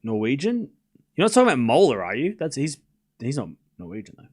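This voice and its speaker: Lively man hosting a tennis watchalong. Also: medium pitch, brisk, breathy edge. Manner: animated, joking, reads scores aloud while chatting with viewers. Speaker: livestream tennis watchalong host. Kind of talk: casual live commentary chat.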